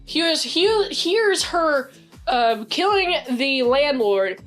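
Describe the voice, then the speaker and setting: A woman casually recapping a TV episode, chatty and excitable, filling her talk with "like". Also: high-pitched, drawn-out words, soft background music. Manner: chatty and excitable, heavy use of "like", acts out quoted lines. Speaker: series reviewer.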